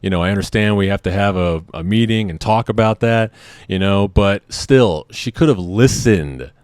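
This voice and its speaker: A man in his thirties telling a personal story on his vlog in a candid, halting way, often restarting and repeating words. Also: fairly low pitch, darkish tone, dry recording, studio quality. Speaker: vlogger.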